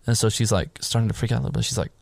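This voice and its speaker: Casual male co-host, lowish pitch, dry close sound, animated and profane storyteller. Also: very fast, creaky, no echo. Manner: animated storytelling, swears freely, acts out his own reactions. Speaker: podcast co-host recapping a film. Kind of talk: casual chat.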